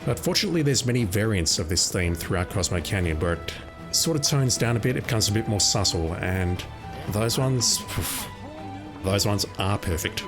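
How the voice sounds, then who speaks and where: Wry low-voiced man commenting on a game. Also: lively intonation, brisk. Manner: opinionated, wry asides. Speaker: gaming video creator. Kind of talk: casual gameplay commentary. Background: game music.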